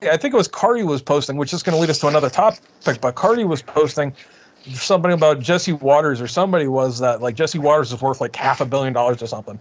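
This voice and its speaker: A man's voice: fairly high pitch, quick pace. A man hosting a podcast in casual chat, ranting with lots of swearing and speaking to listeners as folks. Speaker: podcast host.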